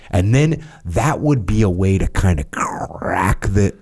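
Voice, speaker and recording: Low-voiced man telling stories. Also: animated, slow pace, a little mellow, husky. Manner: storytelling, acts out quoted voices. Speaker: podcast host. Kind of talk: casual podcast conversation.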